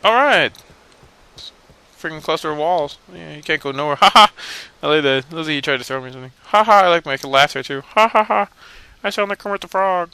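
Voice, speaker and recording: A man's voice: fairly high pitch, fast, sharp tone, clean tone, no room sound. A young man hosting a let's play, giving casual, rambling gameplay commentary in a joking, self-mocking way.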